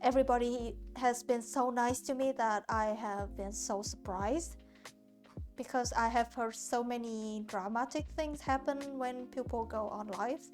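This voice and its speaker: Vietnamese-native woman streamer from Hanoi, chatty but halting, slow delivery over quiet background music. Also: a little high. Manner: halting, searching for words, frequent restarts. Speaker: art streamer. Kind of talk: casual chat with viewers while painting. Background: soft lo-fi music.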